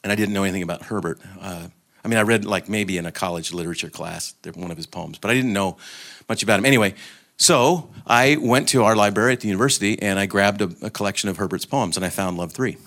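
A man's voice: fairly low pitch, fast talker, fairly bright tone. A middle-aged man giving an informal, reflective sermon talk at a gathering, speaking conversationally with fillers and restarts.

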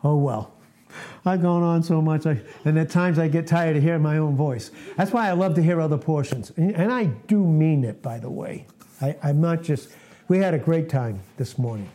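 A man in his late sixties speaks at a moderate pace in a somewhat high, warm, mellow voice, delivering a casual sermon to a small group. His manner is earnest and folksy, he pokes fun at himself, and he repeats himself.

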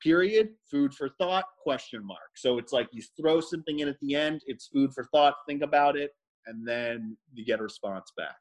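A man's voice: medium pitch, brisk, rough recording. Rambling, laughing podcast guy. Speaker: podcast co-host. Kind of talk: casual chat.

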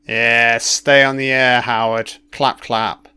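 A man's voice: mid-range voice, flat delivery, takes it slowly, sharp tone, clean tone, no echo. A man giving casual reaction commentary over an old broadcast, blunt and heavy on swearing, thinking aloud as he goes.

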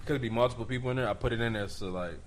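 A man's voice: mid-range voice, racing, slight background noise. A man talking casually as the studio's producer, using slang and laughing as he talks. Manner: laid-back slangy talk, laughs while speaking. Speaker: music producer and studio owner. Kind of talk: casual podcast banter.

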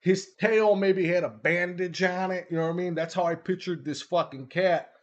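A man co-hosting a casual streamed talk show, telling a story in a loose, profane, animated way. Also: high voice, moderate pace. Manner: animated storytelling, profane, puts on silly British voices. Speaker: podcast co-host. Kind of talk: casual chat. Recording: dull lo-fi stream audio.

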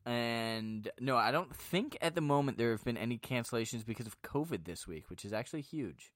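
A young man co-hosting a podcast in casual chat, animated and jokey, often repeating himself. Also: medium pitch, fairly quick, dry recording. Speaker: podcast co-host.

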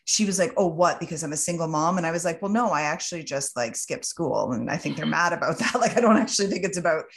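Woman, podcast host, slightly low voice, earnest, emphatic, filler-heavy casual talk. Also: expressive, fast, vocal fry. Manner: earnest and emphatic, many fillers like "you know, like". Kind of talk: casual conversational chat.

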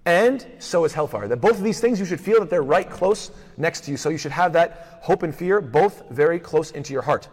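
A man teaching a lesson on hadith, rapidly reciting Arabic passages, then explaining them and posing rhetorical questions to his listeners. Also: on the high side, lively intonation, darkish tone, breathy edge. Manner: poses rhetorical questions to the class. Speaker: Islamic studies teacher. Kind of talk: lecture on hadith. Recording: long hall reverb.

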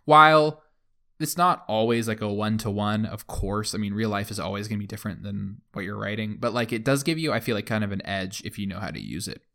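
A man's voice: on the low side, a little fast, creaky, sharp tone. A young man hosting a podcast in casual chat, rambling with many fillers. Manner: rambling, lots of fillers like "like" and "you know". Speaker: podcast host.

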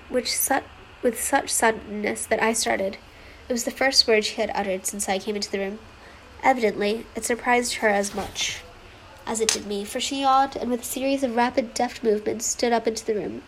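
A woman reads a classic novel aloud in a fairly high voice. She marks dialogue with small rises instead of putting on separate characters. A faint hiss of noise sits under the recording. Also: fairly even intonation, moderate pace, creaky, poor audio. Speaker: reader. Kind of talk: audiobook-style reading of a novel.

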